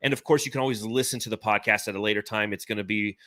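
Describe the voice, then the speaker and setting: A man in his forties hosting a casual sports podcast, talking in an animated, rambling, enthusiastic way. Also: on the low side, rapid-fire, no room sound. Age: 40s. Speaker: podcast host.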